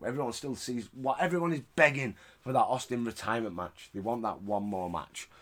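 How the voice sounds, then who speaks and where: A man hosting a casual podcast, recapping wrestling in an animated, sweary way with frequent laughter. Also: mid-range voice, a little fast. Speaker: podcast host.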